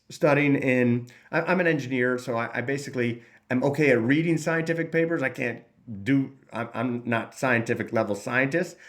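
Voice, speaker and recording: A man's voice: mid-range voice, a bit bright. A man, a recovery channel host, talks earnestly about his path out of addiction, rambling with frequent restarts and acting out his own thoughts in voices. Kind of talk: personal recovery talk.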